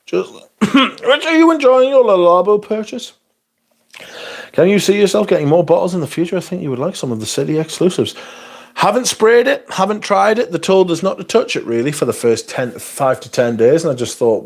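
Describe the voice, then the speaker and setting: Male streamer, profane and ranty, animated delivery, casual chat with viewers. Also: high-pitched, fairly quick. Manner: sweary, ranting, reading viewer questions. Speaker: livestream host.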